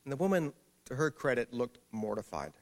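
A man speaks at a mid pitch, with a gravelly edge to his voice. He is an author addressing a live audience, and he tells his anecdote with dry, self-deprecating humor. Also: sing-song, fairly quick. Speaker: author giving a talk. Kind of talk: storytelling speech to an audience.

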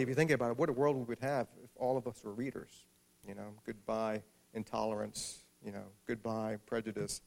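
A man's voice: fairly low pitch, creaky. A man, an author, giving a talk to a live audience and telling an anecdote with wry, self-mocking humor. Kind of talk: storytelling speech to an audience.

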